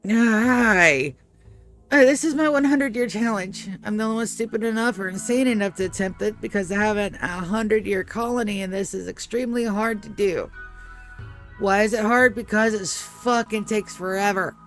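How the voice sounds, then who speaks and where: A woman's voice: medium pitch, moderate pace, soft background music. A woman streamer in casual live-stream chat, groggy with her morning voice, rambling, swearing freely and chatting to her cat. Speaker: game streamer.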